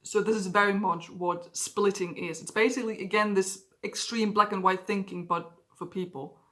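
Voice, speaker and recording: A woman's voice: medium pitch, fairly even intonation, normal speed, a bit bright. A woman vlogging candidly about her own experiences, swearing freely and acting out her past outbursts. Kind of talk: personal confessional vlog.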